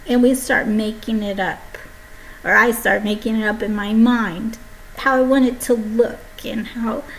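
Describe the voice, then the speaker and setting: A young woman delivering a rambling, brash comedy monologue, swinging between loud outbursts and hushed asides. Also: a little high, vocal fry, a little hiss or hum, rough recording. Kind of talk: stand-up monologue.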